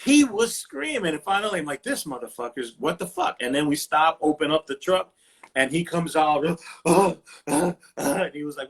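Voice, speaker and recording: Husky, animated storytelling man. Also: on the high side, moderate pace. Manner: animated, profane storyteller acting out quotes. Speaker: host. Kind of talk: casual storytelling chat. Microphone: livestream phone mic.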